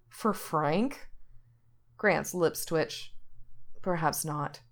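A woman's voice: lowish voice, expressive, moderate pace. A woman reading a story aloud as narrator, shifting her voice slightly for the characters' lines. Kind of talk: audiobook reading of fiction.

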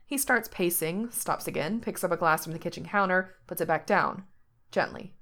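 A woman narrating a piece of fan fiction aloud, steady and expressive. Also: lowish voice, moderate pace. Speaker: reader.

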